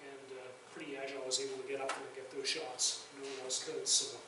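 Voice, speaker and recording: A guest lecturer and documentary filmmaker speaks fast in a monotone, mid-range voice during a public lecture in a university faculty lounge. He tells chatty, self-deprecating stories about his filmmaking. The room is very echoey, he is far from the mic, and there is background noise.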